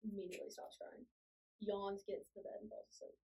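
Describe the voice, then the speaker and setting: A woman's voice: medium pitch, little pitch movement, a little fast, gravelly, mellow, recorded from a distance, rough recording. A young woman in her twenties, a nurse, earnestly telling a personal story in casual conversation, full of "like" fillers. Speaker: pediatric nurse and guest. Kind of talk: casual faith-based conversation.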